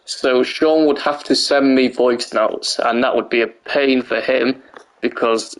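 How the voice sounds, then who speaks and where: Talking a little slowly in a hoarse, mid-range voice, a young man commentates a wrestling video game on his live stream. He's tired yet excitable, with plenty of laughing and swearing.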